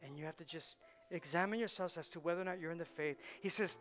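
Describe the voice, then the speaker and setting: A man preaching a sermon as pastor, swinging from hushed, quiet lines to loud, rising ones and repeating phrases for emphasis. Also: a little high, quick pace, soft background music. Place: church sanctuary.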